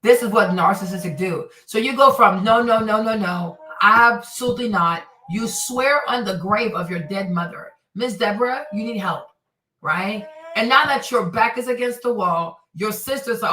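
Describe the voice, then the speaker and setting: A woman host with a bright, lively voice talks casually to her viewers and acts out quotes as she reacts. Her voice sits a little high and sounds roomy, as if the mic is some way off. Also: normal speed. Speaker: commentary host. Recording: roomy and slightly distant.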